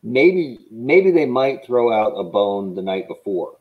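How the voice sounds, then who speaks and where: A man's voice: medium pitch, very animated, slow pace, phone-quality sound. A man hosting a casual podcast, bantering playfully with his co-host.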